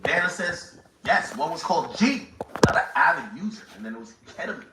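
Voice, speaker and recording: A man's voice: a little high, fast. A man with a Jamaican accent reading court transcripts aloud, switching between quoting the lines and joking about them. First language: Jamaican English. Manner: animated, reads lines then jokes about them. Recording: echoey, distant from the mic, faint noise.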